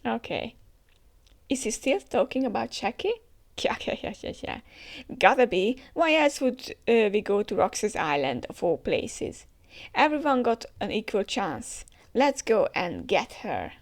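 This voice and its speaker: A woman's voice: mid-range voice, big pitch swings, measured pace, vocal fry. A woman hosting a comic reaction, reading the chapter aloud with chatty comments and frequent laughs. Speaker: manga reaction host.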